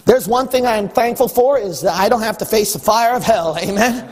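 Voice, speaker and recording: A man delivers a sermon in a high, husky voice, pressing each point and climbing to shouts. His voice carries a long reverberation, as in a church hall. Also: brisk, few pauses. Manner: emphatic, rising to shouts, acts out voices of God and listeners. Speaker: pastor.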